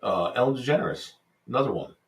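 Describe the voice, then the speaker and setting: A man's voice: mid-range voice, animated, a little fast. A man co-hosting a casual podcast, mostly answering with brief, agreeable replies and sometimes telling a story. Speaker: podcast co-host.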